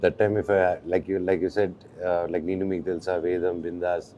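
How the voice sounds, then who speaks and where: A man's voice: deep voice, flat delivery, mellow, lo-fi sound, slight background noise. A man with an Indian English accent, an actor telling stories in an interview and switching between English and Telugu. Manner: fast storyteller, switches between English and Telugu mid-sentence. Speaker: actor guest. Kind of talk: casual interview chat.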